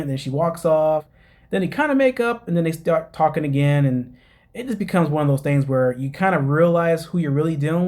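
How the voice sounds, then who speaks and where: A man's voice: a little high, a little mellow. A man hosting a casual podcast, chatting through a reality show recap, laughing and talking to his listeners. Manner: chatty, laughs at own jokes, addresses listeners as guys.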